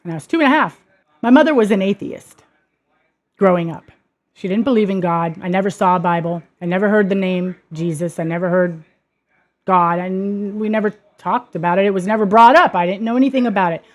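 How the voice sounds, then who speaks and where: A woman's voice: medium pitch, brisk, muffled recording. A woman hosting her own show, telling a personal story in an earnest way that turns emphatic and heated. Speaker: podcast host. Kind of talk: personal testimony monologue.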